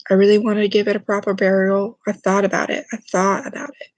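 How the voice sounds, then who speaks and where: A young woman speaks quietly and haltingly, holding back tears as she tells a personal story to camera. Her voice stays flat and level, with little rise or fall. The sound is dry and close, with no room echo. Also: medium pitch. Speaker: vlogger.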